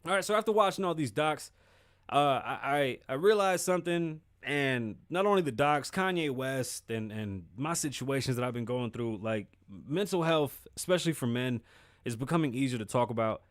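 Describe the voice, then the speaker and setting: A man hosting a solo talk show in loose, swear-filled slang, talking frankly and with emphasis. His voice sits at an ordinary middle pitch. The recording is dry and close, with no echo around him. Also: normal speed. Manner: candid, profane, emphatic street slang. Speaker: podcast host. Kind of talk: casual solo commentary.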